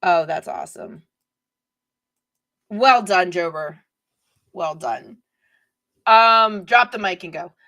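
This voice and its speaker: A woman's voice: fairly low pitch, slow pace, long pauses, bright, forceful tone. A middle-aged woman hosting a live stream, chatting casually and digressively while reading viewer comments.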